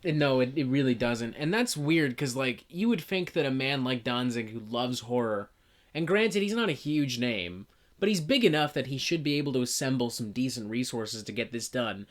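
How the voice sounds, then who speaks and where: A woman with a notably low voice talks in a loose, casual chat. She rants in an animated way, swears freely and mocks the things she describes. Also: normal speed. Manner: animated, profane, mocking impressions. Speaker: podcast co-host reviewing a film.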